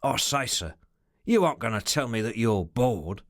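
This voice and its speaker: A man voicing a rough, scheming male henchman who talks coarsely and in loud bursts. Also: medium pitch, expressive, normal speed, no room sound, studio quality. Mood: eager.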